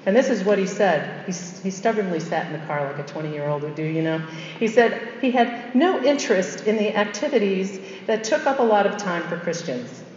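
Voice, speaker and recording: A woman's voice: medium pitch, lively intonation, brisk, darkish tone. A middle-aged woman, a religious sister, giving an emphatic storytelling faith talk with conversational asides and repeated key phrases. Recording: echoey hall, dull muffled sound.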